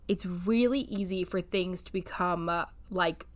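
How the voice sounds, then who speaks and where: A woman's voice: on the low side, unhurried, dry recording. A woman co-hosting a podcast as a therapist, speaking frankly and casually and giving practical tips through personal examples. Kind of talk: casual advice chat.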